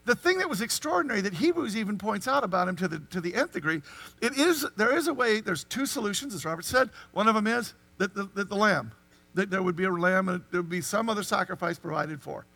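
A man preaching a sermon, animated and full of rhetorical questions to the congregation. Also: high-pitched, fast. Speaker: pastor.

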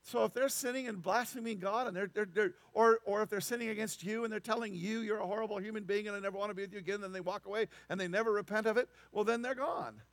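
A man preaching a sermon, animated and emphatic, with incredulous asides. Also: sits high, fast, few pauses, dry recording. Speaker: pastor.

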